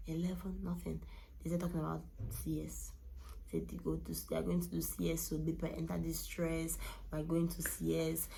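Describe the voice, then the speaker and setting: A young woman telling her pregnancy story to camera in a casual, animated way, laughing often and going hushed on sad parts. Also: low-pitched, vocal fry. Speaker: vlogger.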